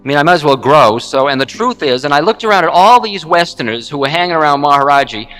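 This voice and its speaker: A man, a spiritual teacher, telling a story in a candid, wry, animated way. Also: fairly high pitch, fast, soft background music. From United States. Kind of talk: storytelling talk.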